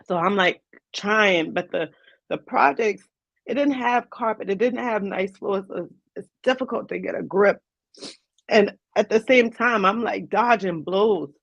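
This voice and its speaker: A woman speaks as an interview guest, recounting her own past in vivid, earnest detail. Her voice has a gravelly fry to it, sitting at a middling pitch. The recording is dry and a bit dull, like a lo-fi stream. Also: unhurried, dry recording. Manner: earnest, vivid retelling with quoted dialogue. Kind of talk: personal storytelling in an interview.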